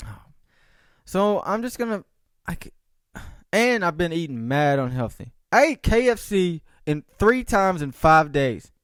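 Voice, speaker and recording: Animated, rambling young man, lively pitch. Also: unhurried, dry recording, clean studio sound. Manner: rambling, profane, animated, jokey. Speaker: podcast host. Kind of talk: casual solo monologue.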